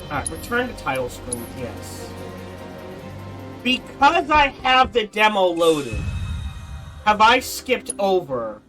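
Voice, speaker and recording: A man's voice: high-pitched, very animated, takes it slowly, long pauses, over music, rough recording. A man in his forties giving casual, rambling gameplay commentary, often restarting and correcting himself. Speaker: let's play host.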